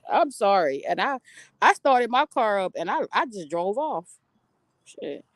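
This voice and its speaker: A woman's voice: medium pitch, slow pace, no echo. Middle-aged lady on her phone live outside, talking blunt and cussing, voice swinging all over, dry close sound. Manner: animated, emphatic, blunt and profane. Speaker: livestream host. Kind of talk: casual livestream storytelling. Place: outdoors near trees.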